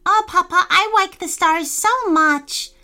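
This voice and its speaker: A woman's voice: measured pace, sharp tone, full character voice. A woman doing a giggly baby girl fox. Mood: delighted. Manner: high singsong babble.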